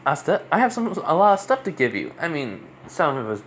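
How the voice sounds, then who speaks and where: A man's voice: a little high, sing-song, fairly quick, a bit bright, voice pushed up. A man putting on a doting demon woman who fusses like a mother, with her voice lifted a little above his own. A faint hiss runs underneath. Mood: eager.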